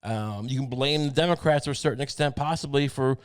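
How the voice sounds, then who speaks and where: A man's voice: medium pitch, fairly quick, clean tone, no room sound. Podcast guy going off, swears a lot, keeps restarting his sentences, dry close sound with no room around it. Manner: profane, rambling, many restarts. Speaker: podcast host. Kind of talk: casual comedic rant.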